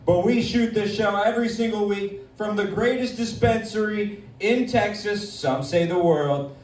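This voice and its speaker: A man's voice: high voice, a little mellow. A man hosting a live comedy show, bantering in a brash, crude, mock-pompous way. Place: comedy night in a dispensary. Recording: echoey room, distant mic.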